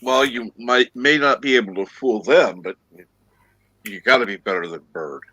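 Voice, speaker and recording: A man's voice: medium pitch, normal speed, bright, forceful tone, breathy edge, no room sound. A man co-hosting a casual chat who makes teasing, dry remarks.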